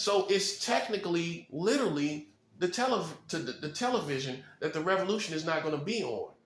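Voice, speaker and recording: A man with a high voice preaches straight to camera, firing one rhetorical question after another. He hammers each point with a short "boom" and chuckles at his own lines. The sound bounces around a bare, echoey apartment room. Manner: rhetorical, fast-talking, punctuates points with "boom". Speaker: self-styled prophet.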